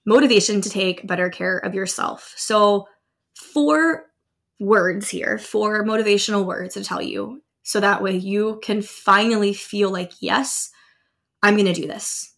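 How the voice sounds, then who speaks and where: Upbeat woman with a gravelly edge. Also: medium pitch, measured pace, fairly bright tone. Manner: upbeat storytelling with laughs. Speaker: podcast host. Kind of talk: motivational podcast talk.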